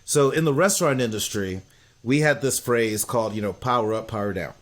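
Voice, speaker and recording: An American man co-hosts a casual podcast recap in an ordinary middle-pitched voice. He talks in a blunt, opinionated way. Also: brisk. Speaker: podcast co-host.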